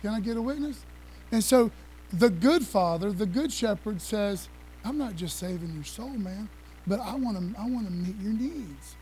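Male preacher, high voice, excitable, fast conversational sermon, faint hum. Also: poor audio. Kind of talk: energetic sermon with slides.

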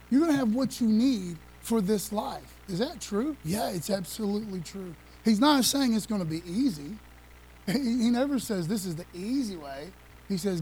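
A man preaching with a high, lifted voice, quick and excitable, tossing in laughs and casual asides to his church. A faint hum runs underneath. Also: poor audio. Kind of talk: energetic sermon with slides.

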